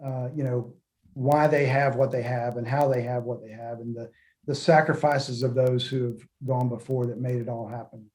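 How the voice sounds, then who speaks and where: A middle-aged man talks in an earnest, measured way, pausing on fillers and restarting his sentences. His voice is mellow and relaxed, sitting at an ordinary pitch for a man. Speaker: podcast guest, former military pilot. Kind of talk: reflective interview talk.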